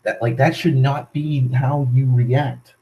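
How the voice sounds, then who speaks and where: A man's voice: medium pitch, steady tone, slow, dull audio. A young man from Massachusetts ranting casually into his camera, heavy with profanity, sardonic asides and rambling restarts. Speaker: vlogger. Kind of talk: casual rant.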